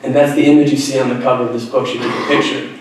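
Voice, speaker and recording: Young male author, earnest storyteller with wry humor, heard from a distance in a booming school auditorium. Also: little pitch movement, racing, slight background noise. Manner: earnest, reflective, self-deprecating humor. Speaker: author giving a school talk. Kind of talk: personal storytelling speech. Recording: very echoey hall, voice from far off.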